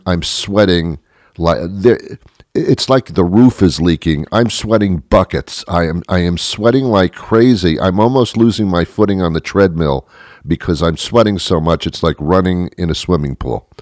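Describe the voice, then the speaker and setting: In a dry, studio-quality recording, a man with a low-sitting voice tells a rambling, exaggerated comic story about himself at a moderate pace. He gives an animated retelling, acting out the lines of the other people in it.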